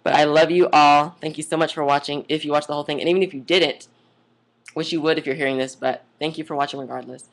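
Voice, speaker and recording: A young adult woman with a deep voice talks quickly and in a steady tone, vlogging in a casual monologue. She gushes, rambles onto tangents, and says "oh my God" and "like" a lot.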